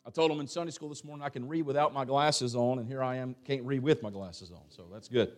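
A man's voice: medium pitch, fast talker, a little mellow, soft background music. A man preaching a sermon in church, folksy and casual, reading scripture aloud with rising emphasis. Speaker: pastor. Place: church sanctuary.

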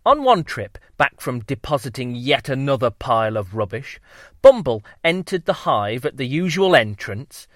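A man narrating a children's story in a playful, drawn-out way. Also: medium pitch, no echo, studio quality. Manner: lively, playful, drawn-out delivery.

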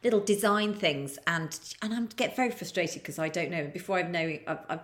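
A middle-aged woman co-hosting a podcast, chatting casually in a lively, teasing way. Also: lowish voice, brisk. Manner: lively, teasing, laughs often. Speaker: podcast co-host, writer. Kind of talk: casual chat.

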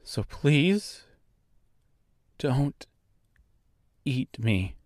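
A cautious, well-mannered young girl in an audiobook, as a man voices her, her pitch rising from his usual register. She speaks slowly and carefully, with lively ups and downs in her voice. The recording is dry and close. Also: no echo. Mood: pleading. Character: young girl, wary and polite.

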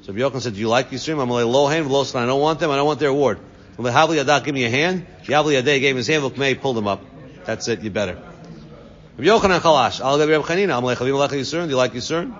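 A man's voice: medium pitch, very fast. A man teaching a Talmud class to students, translating each Aramaic phrase into English. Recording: dull lo-fi recording, long reverb.

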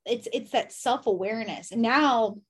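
A woman's voice: fairly high pitch, normal speed, husky. A woman guest on a podcast in casual conversation, reflective and working through questions aloud.

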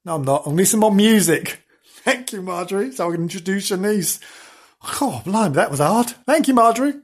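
Rambling, giggly husky-voiced woman host. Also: medium pitch, lively intonation, a little fast. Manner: rambling, self-mocking, giggly. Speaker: podcast host. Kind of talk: comic storytelling.

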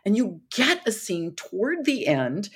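A woman author, a podcast guest, explaining storytelling with lively retellings of film scenes. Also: mid-range voice, measured pace, breathy edge. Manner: animated, acts out dialogue in quotes.

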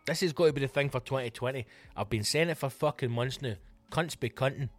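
A man's voice: medium pitch, fairly quick, no echo, faint music behind. A Scottish man hosting his own comedy podcast, ranting casually and swearing a lot. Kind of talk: casual solo rant.

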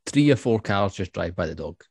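Gravelly, husky low-voiced man. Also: expressive, moderate pace, darkish tone, no room sound, studio quality. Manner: indignant storytelling with swearing. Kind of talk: casual chat.

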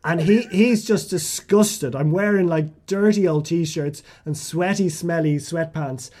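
Irish guy telling a wild self-mocking story, kinda high voice, warm mellow tone, keeps restarting words. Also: measured pace. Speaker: guest writer. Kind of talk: animated storytelling in conversation.

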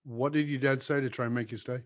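A man's voice: mid-range voice, fairly even intonation, fast talker. A man hosting an interview, asking brief follow-up questions. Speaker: interview host.

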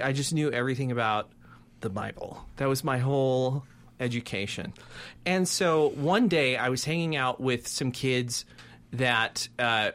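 A man from Colorado co-hosting a podcast, telling self-deprecating stories in a casual, animated way. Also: medium pitch. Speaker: podcast co-host.

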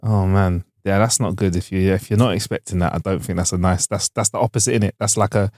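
A man's voice: deep voice, steady tone, fast talker, a little mellow, no room sound, studio quality. A young man co-hosting a podcast, upbeat and jokey, full of slang. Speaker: podcast co-host. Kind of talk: casual chat.

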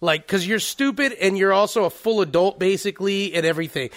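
A man's voice: high-pitched, fairly quick, fairly bright tone. A man co-hosting a casual talk show, telling crude, laughing stories about his youth. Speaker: podcast co-host. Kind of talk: casual storytelling chat.

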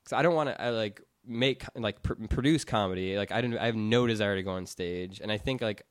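Young male podcast founder, smooth resonant voice, loose filler-heavy rambling. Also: fairly low pitch, a little fast, dry recording, studio quality. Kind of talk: casual podcast chat.

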